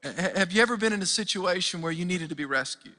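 Male pastor, energetic sermon delivery, crisp bright tone, long church reverb. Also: sits high, fast. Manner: energetic storytelling with many restarts. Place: church sanctuary.

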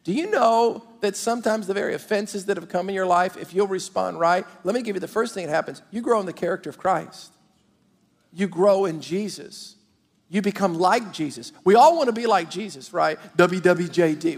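A man with a high, gravelly voice preaches a lively sermon and talks straight to his congregation. His voice carries a long reverb from a big church hall. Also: a little fast. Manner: animated preaching, direct address to the congregation. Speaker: pastor. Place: large church auditorium.

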